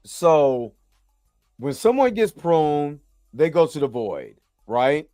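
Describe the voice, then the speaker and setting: Worn out from a long work shift and yawning, a show host reviews a TV episode in a slangy, chatty ramble, repeatedly asking "you know what I'm saying." He speaks slowly in a fairly high, sing-song voice with a dark tone, and the studio-quality recording has no room sound and faint music behind.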